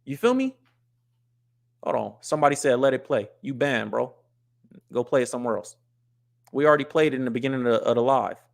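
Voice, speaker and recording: A man's voice: mid-range voice, animated, brisk, vocal fry, long pauses. A man from the US West Coast hosting a live stream, talking casually and bluntly, scolding viewers and reading their comments aloud. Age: adult with wife and kids. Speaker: livestream host.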